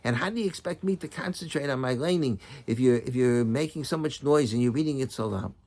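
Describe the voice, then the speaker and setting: A man putting on the voice of an angry male Torah reader who scolds in a raised, higher voice. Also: brisk, a little mellow, natural voice. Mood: scolding. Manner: scolding, indignant.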